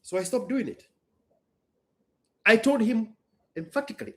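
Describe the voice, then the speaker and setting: A man's voice: high voice, expressive, normal speed, pauses often, a bit bright. A man, a business owner hosting a casual chat, telling a story emphatically and bluntly. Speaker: business owner and show host.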